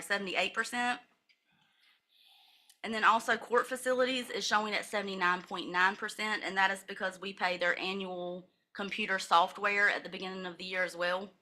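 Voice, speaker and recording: Bright-voiced woman methodically reading budget figures. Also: medium pitch. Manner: methodical, steady recital of figures with brief self-corrections. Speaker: county finance officer. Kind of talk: reading a financial report at a public meeting. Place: county commissioners' meeting room.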